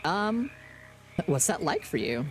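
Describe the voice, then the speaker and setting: A woman streaming a game, reading the on-screen text aloud with playful, deadpan asides. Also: lowish voice, takes it slowly, soft background music. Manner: playful, deadpan asides, does silly frog voices.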